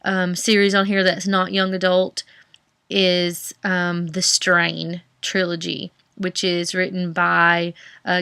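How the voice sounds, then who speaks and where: Young Southern woman, book vlogger, low-ish smooth voice, chatty and rambling, dry close sound. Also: completely flat delivery, slow pace, bright, forceful tone, no room sound. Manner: rambling, many fillers and restarts. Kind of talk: casual chat.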